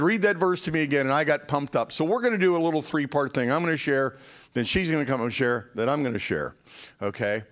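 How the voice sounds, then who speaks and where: Male pastor preaching at a conference, high voice, animated, gets the crowd to repeat lines. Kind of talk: conference sermon. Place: conference hall.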